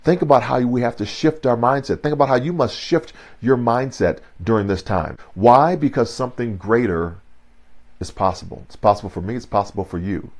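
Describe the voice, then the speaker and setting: A man's voice: medium pitch, a little fast, a little mellow. A man in his sixties giving an online keynote, dynamic and rhythmic, repeating phrases for emphasis and laughing at himself. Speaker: motivational speaker. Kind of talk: online keynote talk with storytelling. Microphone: video call.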